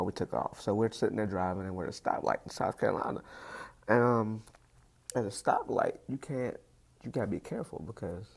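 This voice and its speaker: A man's voice: fairly low pitch, gravelly, a little mellow, slightly rough. A man doing stand-up, telling a story and acting out the voices of the people in it. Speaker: stand-up comedian.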